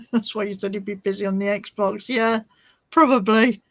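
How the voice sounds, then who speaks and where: Slow-talking, chatty woman. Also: mid-range voice, steady tone, fairly bright tone, no echo, poor audio. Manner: chatty, laughs a lot, talks to her cat. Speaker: craft channel host. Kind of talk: casual live-stream chat.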